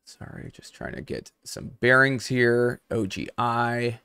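A man's voice: medium pitch, fairly even intonation, slow pace, bright, forceful tone, clear, resonant tone, no room sound, clean studio sound. A young adult man hosting a live trading stream. He talks casually and speaks straight to his viewers in the chat. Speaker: host.

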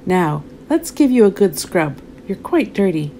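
A woman reading a warm, motherly mum. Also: mid-range voice, sing-song, measured pace, slight background noise. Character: loving mother, surprised then warm. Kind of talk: storybook read-aloud.

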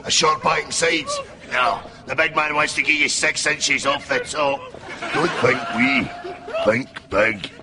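A man's voice: mid-range voice, fairly even intonation, a little slow, noisy background, close to an everyday voice. A man with a Scottish accent playing a brash, boastful "big man" in a mock advert sketch.

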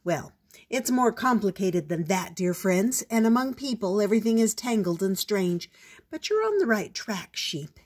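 A woman's voice: medium pitch, moderate pace, husky. A woman voicing a wise old owl. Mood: calm, explaining. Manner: calm, explaining, a little stern.

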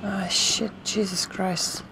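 A woman's voice: medium pitch, fairly even intonation, slow, creaky, noisy background. A woman commenting on her own gameplay, swearing a lot and shrieking when startled. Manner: swearing, yelping and shrieking at scares; talks to herself and the viewers. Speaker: gamer playing a let's play.

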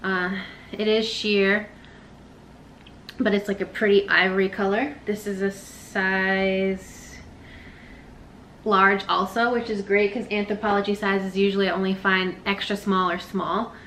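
A woman vlogging a secondhand clothing haul in a casual, chatty way. Her voice is bright and forward, at a middle pitch. She hurries along with offhand asides, and a faint hum sits under her. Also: flat delivery. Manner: quick, chatty, self-deprecating asides. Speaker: reseller vlogger. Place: living room, sitting on the floor.

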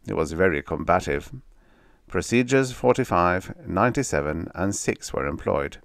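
A man's voice: low voice, normal speed, gravelly, no echo, full character voice. A man reading as a cold alien intelligence captain. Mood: detached. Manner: flat, formal report reading.

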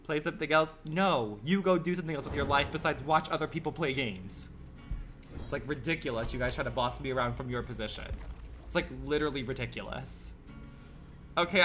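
A man's voice: fairly high pitch, lively intonation, a little fast, bright, forceful tone, soft background music. A man livestreaming a game, chatting with his viewers in a sassy, campy, profane way, full of rambling rhetorical questions. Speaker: gaming livestreamer. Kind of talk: casual stream chat.

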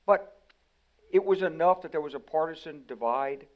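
A man's voice: fairly high pitch, fairly quick, lo-fi sound. An older man from the United States, a retired general, telling stories animatedly as a guest in a conversational interview. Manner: animated storyteller who acts out quoted voices.

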